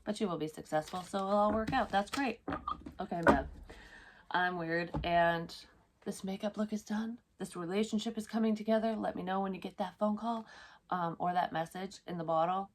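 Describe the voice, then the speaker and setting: Casual tarot-reader vlogger, a woman with a lowish voice, swears freely and rambles, faint hiss behind. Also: fairly quick. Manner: rambling, profane, talks straight to the viewer. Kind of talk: casual tarot reading while doing makeup.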